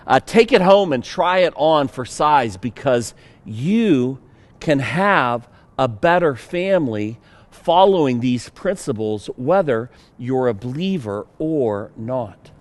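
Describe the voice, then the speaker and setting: A man's voice: mid-range voice, lively intonation, slow. A male pastor with a Pittsburgh accent preaching a sermon in a conversational, joking way with fillers.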